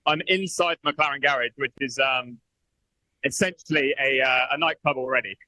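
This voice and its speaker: A man's voice: mid-range voice, moderate pace, pushed and bright, dry recording, rough recording. A man reporting live from the pit lane for a radio show, chatty and hesitant, with many fillers.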